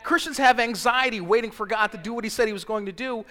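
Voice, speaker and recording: Guy preaching, kinda high voice, punchy and bright, big echoey church sound. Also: fast talker. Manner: animated, slangy, rises to shouts. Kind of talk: sermon. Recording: long hall reverb.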